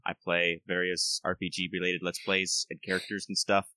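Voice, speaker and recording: A man's voice: low voice, bright, forceful tone, dry recording, rough recording. A man playing a tabletop game, chatting casually and stammering as he thinks aloud. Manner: stammering, hesitant. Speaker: player.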